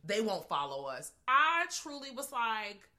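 Animated, profane woman chatting about a movie. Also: on the high side, measured pace. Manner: animated, profane, acts out characters in asides. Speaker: podcast co-host. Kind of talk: casual chat reviewing a movie.

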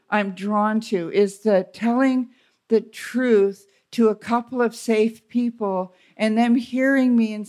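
A woman telling a candid, self-deprecating story on stage at a live retreat, halting with restarts. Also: mid-range voice. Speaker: retreat speaker.

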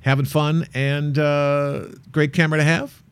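A man's voice: a little high, little pitch movement, a little slow, clean tone. A man telling a playful travel story. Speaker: co-host of a travel show. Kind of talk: casual chat.

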